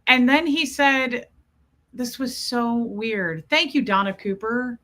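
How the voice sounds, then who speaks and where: Casting: chatty woman livestream host, bright and slightly high voice, greets viewers by name between stories. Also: slow. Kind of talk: casual livestream chat.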